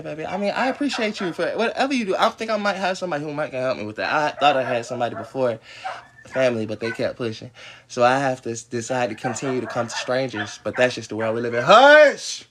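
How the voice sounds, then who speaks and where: A man talks loosely through a home livestream, his voice sitting a little on the high side. He rambles and swears, and every so often he breaks off to holler at dogs out by the porch. Faint noise hums under the recording. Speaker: livestream host. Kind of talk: casual rambling livestream talk.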